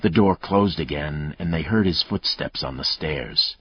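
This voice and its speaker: A man reading a thriller audiobook aloud in measured, dramatic narration. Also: extremely low pitch, husky, muffled recording.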